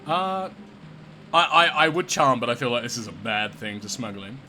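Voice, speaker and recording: A man livestreaming a video game, excitable and profane, on a desk microphone that sometimes peaks. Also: mid-range voice, moderate pace, faint music behind. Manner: excitable, swearing, laughing asides. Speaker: streamer. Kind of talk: live game commentary.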